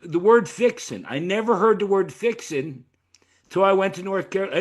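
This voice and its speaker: Middle-aged male host from Pennsylvania, lively yarn-spinner, slightly high voice. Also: moderate pace, slightly rough. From York, Pennsylvania. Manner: animated storyteller, swears casually. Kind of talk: casual interview chat.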